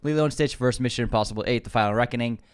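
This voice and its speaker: Jokey man co-hosting a movie podcast. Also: medium pitch. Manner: jokey, laughs often, quick asides. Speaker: podcast co-host. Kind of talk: casual movie news chat.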